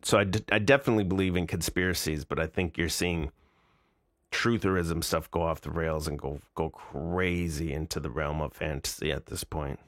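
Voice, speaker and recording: A man's voice: a bass voice, fairly even intonation, normal speed, fairly bright tone, no echo, studio quality. A man in his forties streaming live, reacting to videos in casual, incredulous, mocking commentary. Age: 40s.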